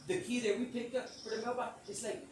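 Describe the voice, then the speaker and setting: A middle-aged man hosting a podcast, telling a long story in a loose, slangy way with plenty of cursing and acting out quotes in a high voice. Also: brisk, recorded from a distance. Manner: animated, acts out quotes in a high voice. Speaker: podcast host. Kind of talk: casual storytelling monologue. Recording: echoey room, voice off-mic, audible noise.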